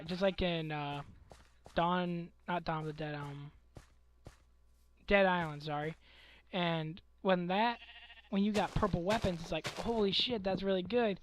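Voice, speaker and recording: A young man with a scratchy, hoarse voice from a cold, rambling and ranting casually over a game he is playing, often correcting himself. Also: high-pitched. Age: young adult. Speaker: let's play commentator. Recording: faint background noise.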